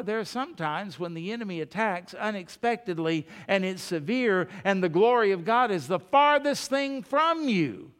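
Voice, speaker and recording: A man's voice: high-pitched, a bit bright, clear, resonant tone, big-room sound. A man preaching a sermon in a conversational way, asking the congregation rhetorical questions and calling them folks. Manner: addresses the congregation directly as folks.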